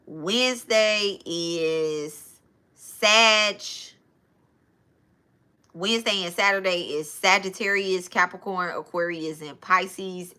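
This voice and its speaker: A woman's voice: on the low side, bright, forceful tone, clear, resonant tone. A woman, talking loosely and informally to her live-stream viewers, calling them y'all. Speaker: spiritual reader and live-stream host. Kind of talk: casual live-stream chat.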